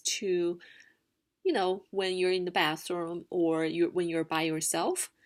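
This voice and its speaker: A woman teaching a casual language lesson at a slow, deliberate pace. She talks in an unhurried way, with fillers and a few sung-out demonstrations. Her voice sits at a middle pitch. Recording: screen-recorded narration.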